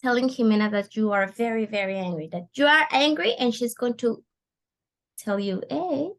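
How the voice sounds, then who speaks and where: A woman teaching an online English class, animated and coaxing, repeating words for her students. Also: a little high, moderate pace. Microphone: video call.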